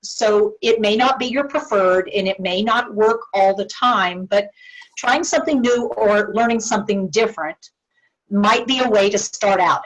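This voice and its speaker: A woman giving a talk on dementia care communication, earnest and clear, acting out example phrases as she goes. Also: medium pitch, poor audio. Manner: earnest, acts out sample phrases with shifting tone. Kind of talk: presentation to a support group.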